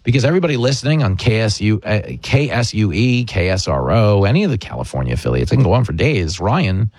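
Quick-joking male radio host. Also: fairly low pitch, no echo. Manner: quick, joking, animated delivery. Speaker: radio talk show host. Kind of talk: casual comedic chat.

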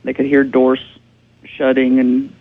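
A paranormal investigator calling in as a radio guest, explaining earnestly. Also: female voice, very deep voice, monotone, a little slow. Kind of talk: radio interview. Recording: tinny phone line.

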